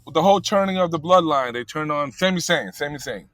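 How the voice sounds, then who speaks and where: A man's voice: a little high, fast, fairly bright tone, no echo, rough recording. A man in casual chat about wrestling, rambling with many fillers and blunt, profane talk. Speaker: podcast co-host.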